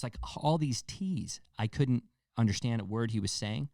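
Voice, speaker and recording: A man's voice: medium pitch, animated, normal speed, gravelly, few pauses, warm tone, dry recording, studio quality. A man hosting a casual solo podcast, rambling loosely with lots of fillers and casual swearing. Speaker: podcast host.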